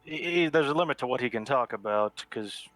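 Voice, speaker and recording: Bright-voiced male tabletop player. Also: medium pitch, expressive, fairly quick, no echo, soft background music. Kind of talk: tabletop game session chat.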